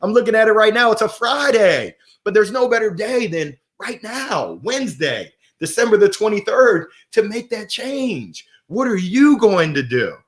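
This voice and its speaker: A man hosting a motivational livestream, talking with playful energy and giving shout-outs to viewers. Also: high-pitched, big pitch swings, moderate pace, hardly any pauses. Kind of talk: upbeat motivational livestream talk. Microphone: gold microphone.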